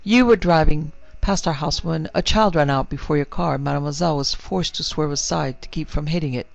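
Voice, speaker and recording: A man voicing a calm, courtly French doctor with a French accent, soft and measured. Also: a little high, vocal fry, no room sound. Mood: soothing. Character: dapper older French doctor, calm and precise. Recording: dry, slightly muffled recording.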